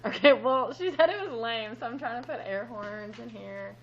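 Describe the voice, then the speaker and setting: A woman's voice: on the high side, moderate pace, muffled recording. A woman teaching a math class in a classroom, upbeat and playful as she joins in the students' jokes. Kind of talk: classroom lesson.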